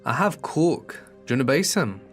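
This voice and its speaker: Man voicing a creepy Irish man, rough voice, leering, raised and pushy. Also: medium pitch, very animated, normal speed, soft background music, voice pushed up, close to an everyday voice. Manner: leering, then ranting and angry.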